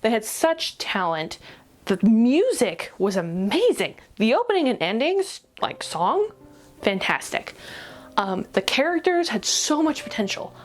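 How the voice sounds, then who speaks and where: A woman's voice: fairly high pitch, big pitch swings, faint music behind. Exasperated ranting woman. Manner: exasperated, rapid, swearing. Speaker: anime reviewer. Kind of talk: ranty review vlog.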